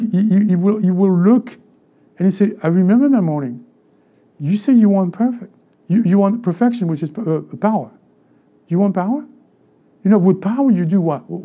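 A man with a French accent preaching a sermon as a pastor, animated and acting out other people's voices. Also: sits high. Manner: animated, acts out voices of church members.

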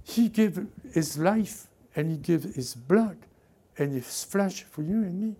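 A man delivers a sermon with a gravelly, mellow tone. His preaching is fervent and repetitive, built on call-and-response. He swings from loud urging to hushed asides. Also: sits high, animated, slow.

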